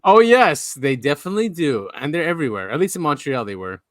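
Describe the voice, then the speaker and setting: A man's voice: on the high side, big pitch swings, fast talker, no echo, clean studio sound. A man hosting a podcast in casual chat, chatty and eager to explain things. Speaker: podcast host.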